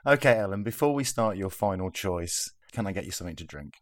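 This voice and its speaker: A man's voice: low voice, lively intonation, quick pace, dry recording. A man co-hosting a casual chat in a breezy manner. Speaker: co-host.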